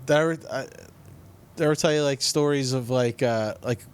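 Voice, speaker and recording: Casting note: a New Jersey guy, a rambling comic storyteller on a podcast, at a middling pitch. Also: measured pace, clean tone. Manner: rambling with many fillers and restarts. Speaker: podcast co-host and comedian. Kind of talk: casual storytelling chat.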